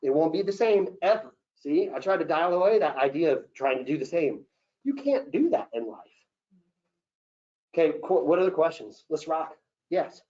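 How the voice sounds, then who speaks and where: A man running an acting Q&A as a casting director, coaching actors in an animated way and acting out example lines. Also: on the high side, normal speed. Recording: dull lo-fi session recording.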